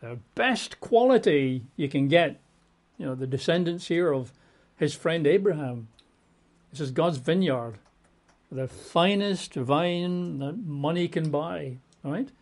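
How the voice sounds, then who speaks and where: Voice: mid-range voice, animated, slow pace, darkish tone. A preacher giving a Bible exposition sermon, emphatic and conversational, piling up repeated synonyms with casual asides.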